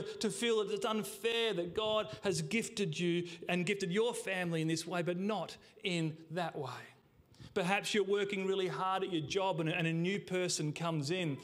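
Male pastor with a high voice, preaching with emphasis, stretching key words and dropping low for effect. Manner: emphatic, with slowed words and drops to a hush; addresses the congregation directly. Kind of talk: sermon.

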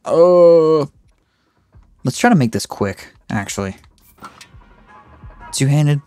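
A man giving let's play commentary, talking to himself and reacting aloud with excitement as he plays. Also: medium pitch, measured pace. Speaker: gamer. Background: game music.

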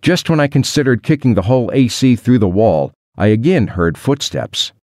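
A man narrating a first-person adventure audiobook in a wry, expressive storytelling manner. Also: fairly low pitch, dry recording, studio quality.

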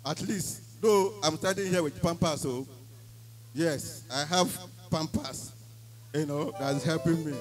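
A man's voice: on the high side, a little slow, faint music behind, low-quality recording. A man with a Nigerian accent giving an emphatic church testimony, slipping into Pidgin phrases as he tells his story.

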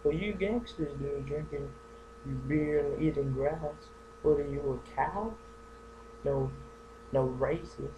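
A young man rambling through a goofy comedic vlog monologue, going from joke to joke with silly deadpan asides. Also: on the high side, slow pace, slight background noise, rough recording. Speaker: vlogger.

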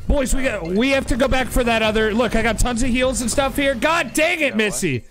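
A man streaming a game live, talking his way through it with excitable outbursts, shouts and laughter. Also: extremely high pitch, brisk, few pauses, soft background music. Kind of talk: live gameplay commentary.

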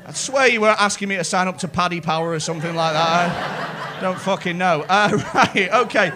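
This male comic's voice is high and moves at a normal speed over a noisy backdrop. Holding a mic on a comedy club stage, he riffs with the audience in a teasing, foul-mouthed way as the crowd laughs.

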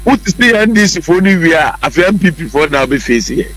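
On a talk show, a Ghanaian man pushes his political opinions hard, repeating his points and slipping English words into what he says. He talks quickly in a fairly bright, high-leaning voice with big pitch swings. The audio is poor.

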